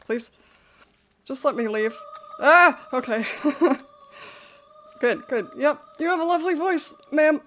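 A woman's voice: high voice, animated, measured pace, pauses often, slight background noise. A young woman commenting on a horror game as she plays, jittery and panicky, breaking into nervous laughter. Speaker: gaming video host. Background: game music.

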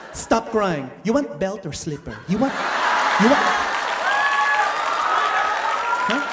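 Man doing a shrill Filipina teacher, Mrs. Scott. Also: very noisy. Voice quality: clipped broken English. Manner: loud, scolding, excitable. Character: bossy Filipina woman English teacher, proud, scolding. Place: comedy stage before a live crowd. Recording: echoey live stage, loud audience laughter.

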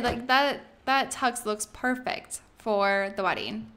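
A bubbly woman chats her way through a let's play in casual commentary, excitable and full of "like". Her voice sits a little high. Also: a little slow, hardly any pauses, a little hiss or hum. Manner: bubbly, chatty, excitable, lots of "like".

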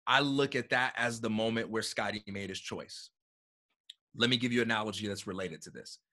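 A man talking as a guest in a casual conversation, animated and acting out quotes as he tells a story, heard over a video call. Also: lowish voice, fairly quick. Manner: animated storyteller, acts out quotes, repeats words.

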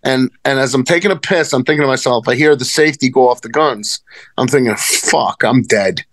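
A man's voice: medium pitch, quick pace, a bit bright, dry recording. A man telling rambling, profane stories as a wrestling guest in casual conversation. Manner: rambling, profane, many restarts. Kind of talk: casual storytelling.

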